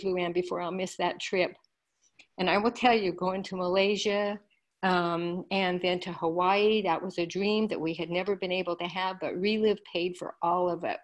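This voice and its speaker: An older woman sharing an enthusiastic personal testimonial, telling her story with eager storytelling energy. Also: on the low side.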